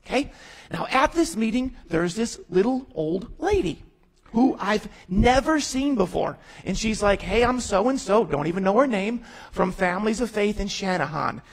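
A man's voice: high voice, animated, normal speed, creaky, husky, low-quality recording. A man in his thirties, a pastor, giving an emphatic storytelling testimony sermon, acting out his own words and other people's. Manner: storytelling, quoting himself and others in voices; emphatic, rising to near-shouts.

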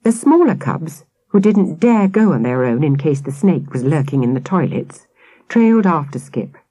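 A woman narrating a children's audiobook with expressive, lively storytelling. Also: low voice, normal speed, slightly rough, no echo.

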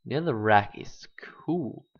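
A gaming channel host giving let's play commentary, thinking aloud and bursting into excited exclamations, on a dull lo-fi home mic. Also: mid-range voice, slow, husky.

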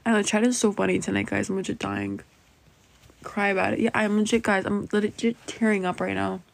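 A woman's voice: medium pitch, lively intonation, fairly quick, creaky. A young woman on a casual live stream, reading her chat, breathless and giggling, saying like and legit over and over. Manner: giggly, keeps laughing, says like and legit a lot. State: breathless from laughing.

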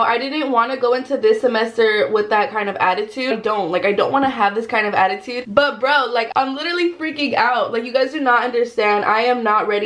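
A young woman, chatting to camera in her bedroom in a casual get-ready-with-me vlog, rambling anxiously, full of slang and constant "like"s. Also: fairly high pitch. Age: young adult. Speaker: vlogger. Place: bedroom at home.

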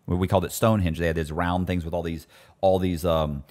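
A man's voice: deep voice, quick pace. A man casually telling prison stories, acting out the voices of the people in them. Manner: animated, acts out quoted voices. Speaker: storyteller guest. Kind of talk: casual storytelling.

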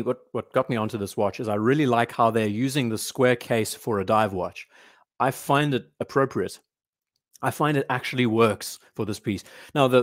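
A man's voice: fairly low pitch, no room sound, studio quality. A man hosting a live watch show, chatting casually, thinking aloud and answering comments from the chat. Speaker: watch channel host.

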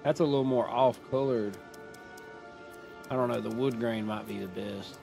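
A man's voice: medium pitch, moderate pace, vocal fry, over music. A man giving casual commentary while playing a video game, chatty and thinking aloud as he makes up his mind. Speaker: gaming streamer.

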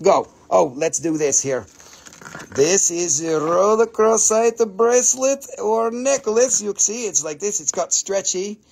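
A man hosting a live crystal sales stream, chatting casually and excitably in non-native English, swearing freely and laughing often. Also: fairly high pitch, creaky, slightly rough.

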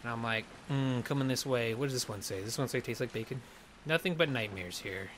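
A man's voice: medium pitch, fairly bright tone, slight background noise. A man giving jokey let's play commentary, rambling and muttering to himself as he plays. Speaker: gamer.

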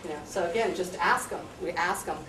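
A woman's voice: fairly low pitch, fairly quick, pushed and bright, distant mic. An American woman teacher talks earnestly and conversationally about her classroom. She sounds set back from the microphone in an echoey room. A light hum sits underneath. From USA. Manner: earnest, conversational, acts out student exchanges. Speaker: high school teacher. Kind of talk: explaining classroom practice to visitors.

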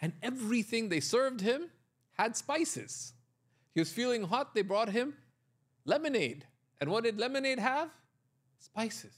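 His voice is extremely high and slightly rough, with big pitch swings, an unhurried pace and long pauses. Teaching Arabic grammar to a classroom, this man explains step by step and regularly quizzes his students, often tagging his points with "right?".

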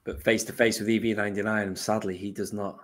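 A man's voice: lowish voice, flat delivery, fast talker. A man joining a casual panel chat as a guest, jokey and teasing, over a video call.

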